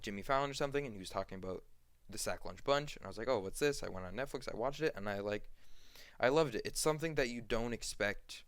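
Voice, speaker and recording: A young man co-hosting a casual podcast, rambling through an animated retelling full of fillers and acted-out quotes. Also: fairly low pitch, clean tone, dry recording. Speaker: podcast co-host. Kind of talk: casual chat.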